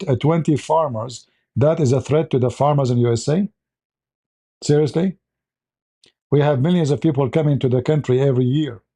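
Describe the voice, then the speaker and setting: Male show host, blunt and mocking, talks in broken English; somewhat high but dark-toned voice. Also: creaky. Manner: sarcastic, blunt, broken grammar. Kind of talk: mocking live commentary.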